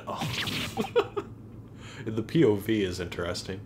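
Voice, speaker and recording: Laid-back low-voiced let's-play guy. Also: sing-song, slow, long pauses, noisy background. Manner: laid-back, wry reactions. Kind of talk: casual gameplay commentary. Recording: game music behind.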